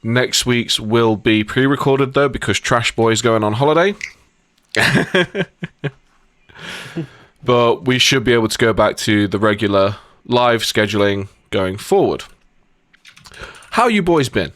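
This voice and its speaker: A man's voice: mid-range voice, lively intonation, slow pace, long pauses, fairly bright tone, no echo, studio quality. Laid-back British man hosting a podcast. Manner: laughs often, rambling storyteller. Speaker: podcast host. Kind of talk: casual podcast chat.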